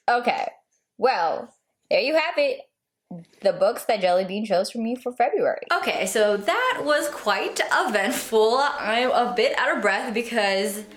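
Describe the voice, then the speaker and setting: A woman book vlogger chatting casually in a bubbly, gushing way. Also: mid-range voice. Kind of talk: casual vlog chat. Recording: echoey room.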